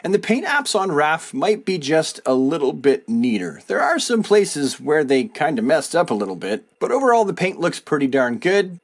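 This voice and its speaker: A man in his thirties casually reviewing action figures, chatty and enthusiastic with joking asides. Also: a little high. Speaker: toy reviewer.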